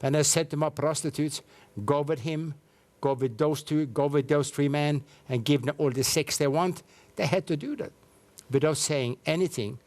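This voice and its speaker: Speaking at normal speed with a fairly high pitch and a darkish tone, a middle-aged man gives his personal testimony as a guest in a TV studio. He earnestly recounts his life as an evangelist in slightly non-native English, and there's no echo.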